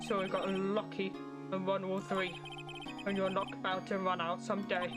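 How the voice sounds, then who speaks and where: A woman's voice: medium pitch, monotone, moderate pace, close to an everyday voice. A woman voicing a cold, haughty male prosecutor, curt and dismissive, while reading game dialogue. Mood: scornful. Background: game music.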